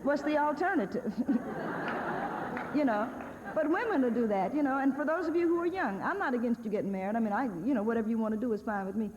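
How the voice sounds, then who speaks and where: A woman's voice: fairly high pitch, expressive, a little fast. A woman speaks from the podium of a lecture hall, her voice carrying a long reverb on a dull, lo-fi archival recording with a faint hiss. She talks in a wry, sardonic, conversational manner and laughs often as she lectures. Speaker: guest speaker at a university. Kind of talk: humorous lecture.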